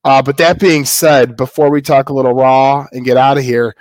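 A man's voice: mid-range voice, steady tone, normal speed, darkish tone, no echo. Man, podcast co-host, rambling casual talk, dry close sound. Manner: rambling, many fillers and restarts. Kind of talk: casual wrestling podcast chat.

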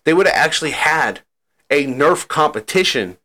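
A man co-hosting a casual podcast, playful and quick to laugh. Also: lively intonation, very noisy. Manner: playful, laughs often, swings up and down in pitch. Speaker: podcast co-host. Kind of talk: casual chat.

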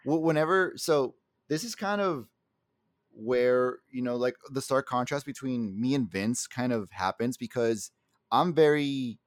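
A man's voice: mid-range voice, a little slow, dry recording, clean studio sound. A man co-hosting a casual podcast chat, rambling with lots of restarts and swearing, and openly emotional. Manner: self-described very emotional. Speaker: podcast co-host.

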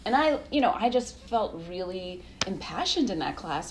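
Woman, thirties, low voice, animated storyteller, faint background hiss. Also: normal speed. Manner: animated, laughs often, acts out quotes. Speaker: guest. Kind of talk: casual interview storytelling.

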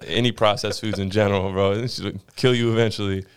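Young man, podcast host, low smooth voice, casual rant, animated storytelling. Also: a little fast. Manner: animated storyteller who acts out quotes with swearing.

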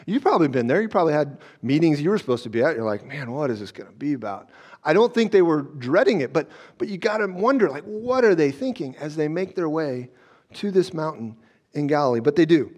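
A man's voice: on the high side, animated, a little fast, darkish tone. A male pastor giving a conversational sermon, often checking in with "okay?" and acting out scenes as he goes. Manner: conversational, frequent "okay?" check-ins and restarts.

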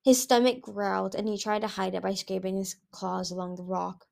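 Expressive woman reading a storybook. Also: mid-range voice, moderate pace, gravelly. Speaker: audiobook reader.

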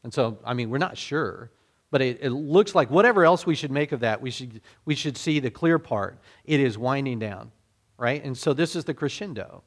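A man's voice: mid-range voice, animated, normal speed. Conversational male preacher. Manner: conversational, self-deprecating, many fillers and restarts. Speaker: pastor. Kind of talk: sermon.

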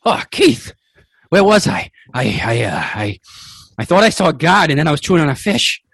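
Drunk bewildered uncle, gruff and slurred, voiced by a man. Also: a little high, big pitch swings, moderate pace, a bit bright, dry recording, clean studio sound, full character voice. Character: drunk dazed middle-aged uncle.

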